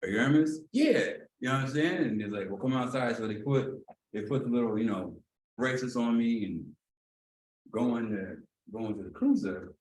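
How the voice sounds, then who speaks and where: A man telling a personal story during a training talk, casual and animated, often acting out the lines of the people in it. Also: medium pitch, moderate pace. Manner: animated, acts out dialogue, often asks "you know what I'm saying". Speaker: executive director leading a training. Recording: roomy echo, mic at a distance, faint noise.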